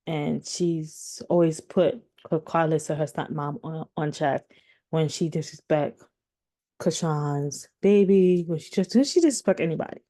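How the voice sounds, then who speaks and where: A woman's voice: sits low, a little slow, dark tone. A woman in her thirties giving casual commentary to her viewers, rambling with many restarts and fillers. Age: 30s. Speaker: commentary vlogger.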